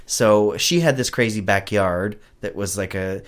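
Rambling, animated man guest. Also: fairly low pitch, unhurried. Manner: rambling and animated, trailing off mid-sentence. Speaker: guest, puppet show creator. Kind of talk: casual interview chat.

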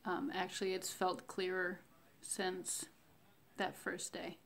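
A woman speaks in an unhurried, reflective way, sharing a personal faith diary. Her voice carries a gravelly fry at the ends of phrases. She pauses often and fills the gaps with soft fillers. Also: fairly low pitch, completely flat delivery, a little hiss or hum. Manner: slow, reflective, devotional, with many fillers. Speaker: vlogger sharing a fasting diary. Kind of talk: casual spoken faith diary.

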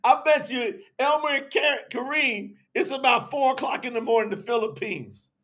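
A man preaching a livestreamed sermon, emphatic and call-and-response, shouting out to viewers by name and breaking into sudden shouts. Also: very high-pitched, normal speed, husky. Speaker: preacher leading an online service.

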